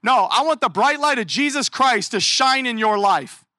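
A man preaching a sermon in an animated, conversational way, full of rhetorical questions. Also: extremely high pitch, moderate pace, no room sound, clean studio sound. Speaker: pastor.

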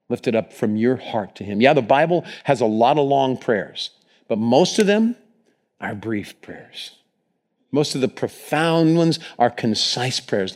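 A male pastor delivering a sermon to his congregation. He talks in a loose, conversational way and acts out short prayers with a lot of pitch movement, rising high and then dropping low. He has a mid-range voice. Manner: animated, conversational, acts out little quotes.

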